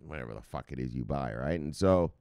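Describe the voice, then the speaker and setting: A man chatting on a livestream in a lively voice that swings up and down. He talks crude and profane and breaks into loud shouted catchphrases. The sound is dry and smooth. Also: rumbling low, fast talker, no room sound. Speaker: livestream host. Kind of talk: casual livestream chat.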